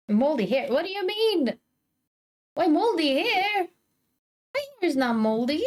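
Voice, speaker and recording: A woman's voice: high voice, big pitch swings, a little slow, long pauses. A woman streaming from home on a desk microphone, chatting casually with her viewers while drawing and calling out to her cats. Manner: chatty, talks to her cats and to chat, teasing indignation. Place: home, indoors.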